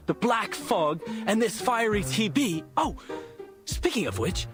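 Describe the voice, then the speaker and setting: A man's voice: sits high, very animated, unhurried. An actor playing a bouncy, self-important male civil servant who talks in an exuberant, boastful and theatrical way in game dialogue. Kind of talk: video game voice acting. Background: music.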